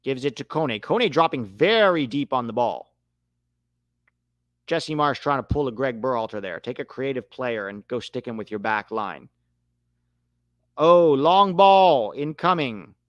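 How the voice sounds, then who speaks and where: A young man calling a match live for a watch-along, animated and quick to swear at the referee. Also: mid-range voice, no room sound, dull audio. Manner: animated, swears when riled, calls the play.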